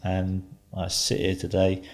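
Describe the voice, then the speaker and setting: A man in his fifties, a podcast guest, calmly telling an anecdote and acting out the voices of the people in it. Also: low voice, measured pace, soft background music. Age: 50s. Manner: calm storyteller, acts out voices in his anecdotes.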